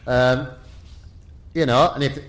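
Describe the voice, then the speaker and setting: Speaking slowly in a medium-pitched voice, a retired rally driver from Yorkshire shares stories as a guest. The older man is lively and casual, laughing a lot and frequently starting sentences over.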